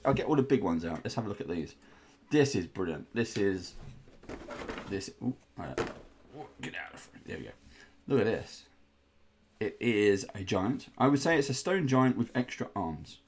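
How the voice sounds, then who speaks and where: A man hosting a casual unboxing indoors, chatty and rambling, with playful groans of disgust. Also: on the low side. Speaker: host unboxing miniatures.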